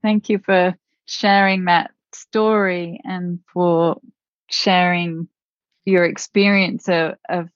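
A woman hosting an interview, gently affirming her guest and asking follow-up questions. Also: on the low side, level tone, slow pace, no echo, dull audio. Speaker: interviewer, host. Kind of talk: conversational interview.

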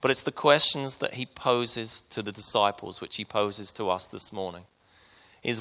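A man delivering a sermon, telling a story to his congregation before turning quiet and personal. His voice sits low, but it has a bright, forceful edge. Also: normal speed. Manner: storytelling preacher, soft and intimate at the close. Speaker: pastor.

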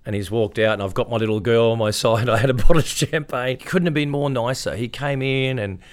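A man's voice: mid-range voice, fairly quick. A middle-aged Australian man, an interview guest, casually telling stories and acting out the voices of people he quotes. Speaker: interview guest, tribute performer.

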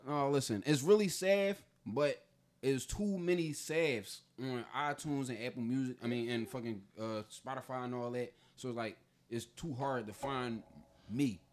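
A man's voice: mid-range voice, moderate pace. A young man and rapper chatting on a podcast in a laid-back, loose, self-mocking way. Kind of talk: casual podcast chat.

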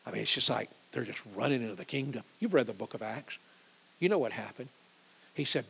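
A man's voice: mid-range voice, expressive, a little fast, vocal fry, a bit bright, a little hiss or hum. A man leading a church missions talk, emphatic and repetitive, calling the audience to repeat after him. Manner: emphatic, repeats key phrases, leads audience responses. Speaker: missions ministry leader.

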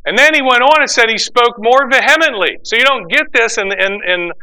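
Guy preaching a sermon, animated, acts out the quotes, higher voice, really bright tone. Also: a little fast, clean tone, rough recording. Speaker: pastor.

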